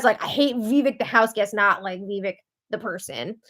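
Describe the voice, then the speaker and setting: A woman's voice: medium pitch, lively intonation, moderate pace, hardly any pauses, a bit bright. A woman hosting a casual reality TV recap, chatty and opinionated as she reads out quotes. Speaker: recap show host.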